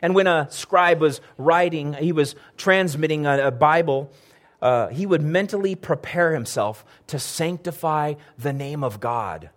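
Earnest preaching man, pitched a bit high. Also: a little slow. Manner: earnest preaching with rising emphasis and frequent throat clearing. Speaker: pastor. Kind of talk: sermon.

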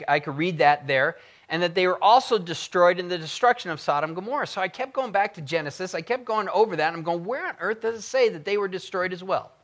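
A man teaching the Bible verse by verse, reading passages aloud with fervor and swinging between loud emphasis and quiet asides. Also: on the high side. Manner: reads scripture aloud with fervor.

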